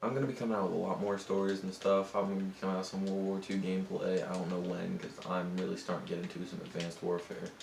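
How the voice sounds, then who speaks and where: A man's voice: sits low, little pitch movement, fast talker, creaky, hardly any pauses, darkish tone, echoey room, slight background noise. A young man casually telling a rambling, profane story over gameplay, often cutting himself off. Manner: rambling, profane, self-interrupting. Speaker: gaming channel host. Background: other people in the house.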